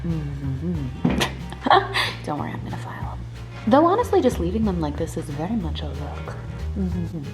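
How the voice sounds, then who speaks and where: Young woman vlogger, bubbly and self-mocking, with a lively, swooping voice. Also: deep voice, moderate pace, music in the background. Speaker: beauty vlogger. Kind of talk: casual tutorial chat with voice-over. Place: outdoors outside her apartment.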